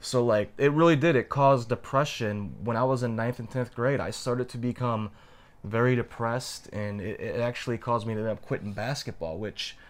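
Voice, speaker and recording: Heartfelt and reflective, this young man relates a personal experience while co-hosting a podcast. He speaks at a medium pitch and drops his pace to underline key moments.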